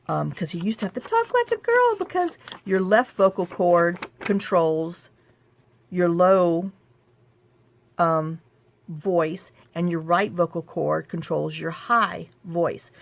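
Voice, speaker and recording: Venting woman, slightly low voice. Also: creaky. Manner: venting, frustrated, many restarts. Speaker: journaling crafter. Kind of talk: casual rambling chat. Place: home craft table.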